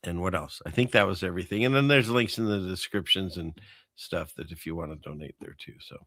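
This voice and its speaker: A man's voice: deep voice, brisk, pushed and bright, no echo. A man hosting his own show, rambling through casual commentary with many fillers and restarts. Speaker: show host.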